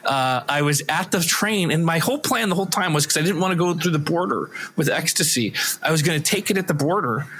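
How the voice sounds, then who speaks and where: A man's voice: fairly high pitch, animated, fast, hardly any pauses, fairly bright tone, slightly rough. A man on a podcast, telling a personal story in a rambling, self-correcting way. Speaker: podcast host. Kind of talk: casual storytelling.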